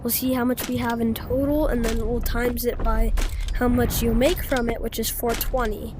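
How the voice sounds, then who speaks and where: A woman giving casual gameplay commentary, chatting to her viewers and swinging between low mumbles and excited outbursts. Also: normal speed, background noise. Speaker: gamer.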